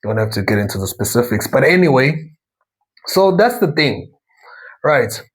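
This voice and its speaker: South African man, husky conversational monologue. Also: medium pitch, very animated, moderate pace, low-quality recording. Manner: rambling, conversational, frequent asides and self-corrections. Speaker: talk show host. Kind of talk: casual monologue commentary.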